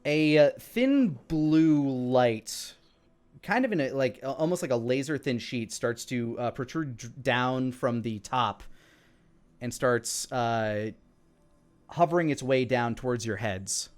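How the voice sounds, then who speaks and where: A man's voice: mid-range voice, expressive, slow, clear, resonant tone. A man narrating a tabletop game as dungeon master, describing scenes with frequent fillers.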